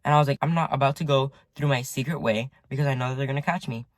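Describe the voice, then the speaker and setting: Parked at home in his car, a teen boy races through a rambling storytime for his viewers, full of "like" and frequent swearing. The male voice is mid-range with a steady tone. The recording is dry.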